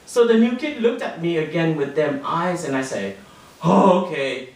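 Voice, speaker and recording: A man reading his own short story aloud to an audience, in a boy narrator's voice, with livelier, higher quoted lines. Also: big pitch swings, moderate pace. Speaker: author reading his fiction. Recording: roomy and distant, heard from across the room.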